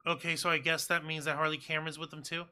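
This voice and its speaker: A man with a very bright, somewhat high voice trades podcast banter about wrestling. He reacts bluntly and sarcastically and swears often. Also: level tone, quick pace, clean tone. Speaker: wrestling show co-host.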